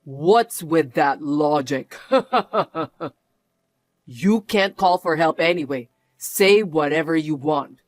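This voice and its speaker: A man's voice: a little high, a little slow, hardly any pauses, no room sound, natural voice. An actor playing a mocking, controlling young husband who laughs often as he sneers. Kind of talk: narrated drama acting.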